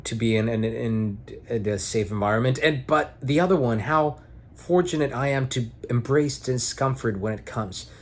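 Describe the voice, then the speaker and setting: A young man talking at home in a casual, reflective vlog monologue, rambling and earnest with some casual swearing. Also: medium pitch. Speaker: vlogger and aspiring actor.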